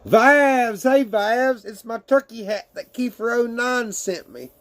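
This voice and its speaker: A man's voice: very high voice, slow. A man casually chatting with his livestream viewers and reading their messages aloud, laughing often and swearing freely.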